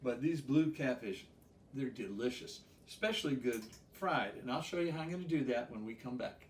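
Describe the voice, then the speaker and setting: A man of medium pitch and lively intonation walks through a recipe at a moderate pace on his home cooking show, easygoing and rambling with lots of "um"s and chuckles. The mic sits at a distance in a roomy home kitchen, with a little hiss or hum.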